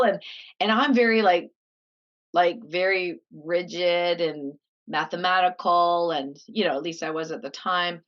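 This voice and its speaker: A middle-aged woman from Canada telling her life story in a casual interview, laughing often and acting out what others said. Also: fairly low pitch. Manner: animated, laughs often, acts out quoted voices. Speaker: guest. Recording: slightly dull lo-fi audio.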